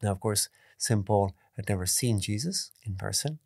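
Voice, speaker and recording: A priest giving a calm, measured spoken meditation, stressing key points by repeating them. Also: male voice, fairly low pitch, vocal fry, dry recording, studio quality. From Ireland. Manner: calm, measured teaching tone with emphatic repetitions.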